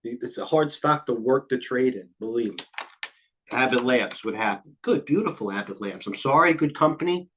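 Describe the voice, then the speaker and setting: An older man hosting a live trading stream, talking quickly and jumping between stock tickers, a little out of breath. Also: mid-range voice, animated, a little hiss or hum. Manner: rapid, scattered, jumps between tickers. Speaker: trading show host. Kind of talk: live market commentary.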